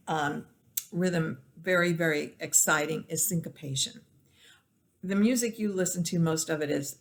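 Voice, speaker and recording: Woman, music teacher, lower voice, recorded lecture, counts beats aloud, explanatory with restarts.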